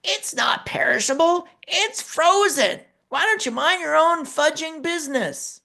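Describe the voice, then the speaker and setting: A woman voicing a furious young mother who yells at a stranger in shrill bursts. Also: expressive, a little slow, vocal fry, full character voice. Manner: shrill yelling.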